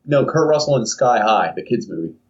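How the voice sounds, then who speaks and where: Rambling through a story and putting on goofy voices, this young podcast co-host has a medium-pitched, lively, slightly mellow voice and talks fairly quickly. It's casual chat, recorded on a distant, muffled lo-fi mic.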